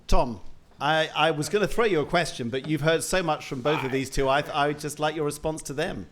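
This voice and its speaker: A man moderating a panel discussion, talking in a relaxed, halting way with fillers. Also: a little high, slight background noise.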